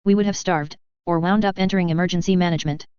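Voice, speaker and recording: Raging male alien ambassador, violent and screaming, voiced by a woman in a smooth, low tone. The audio is dry and slightly dull. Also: fairly even intonation, quick pace, darkish tone, no echo, natural voice. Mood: furious. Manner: screaming in rage.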